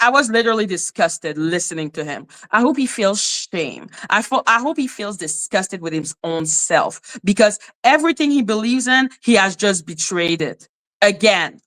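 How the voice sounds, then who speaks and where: A woman's voice: mid-range voice, lively intonation, measured pace, fairly bright tone. A woman from Canada with a French accent, hosting a livestream commentary in a blunt, profane, indignant way. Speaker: commentary channel host.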